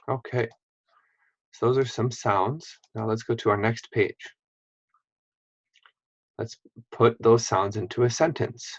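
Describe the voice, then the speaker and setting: A man teaching a phonics lesson to young children, reading word lists slowly and clearly. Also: mid-range voice, fairly bright tone, no room sound, highs cut off.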